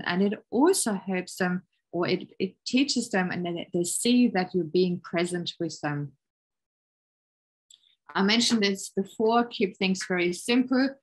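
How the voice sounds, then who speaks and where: A middle-aged woman giving a parenting webinar over a video call, calm and encouraging, explaining with everyday examples. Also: mid-range voice, rough recording. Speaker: parenting workshop presenter. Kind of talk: webinar presentation.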